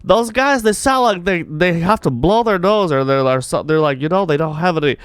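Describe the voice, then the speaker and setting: A man's voice: on the high side, lively intonation, normal speed, clear, resonant tone, no room sound, studio quality. A man hosting a casual music show live, goofy and jokey, slipping into silly voices. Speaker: host.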